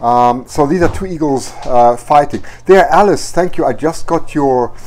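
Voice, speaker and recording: A man's voice: fairly high pitch, moderate pace, a little mellow, slight background noise. A man running a livestream photo auction on a handheld microphone, flustered and apologetic, coughing now and then with a slightly hazy voice. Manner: flustered, apologetic, laughing often. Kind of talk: casual live auction talk.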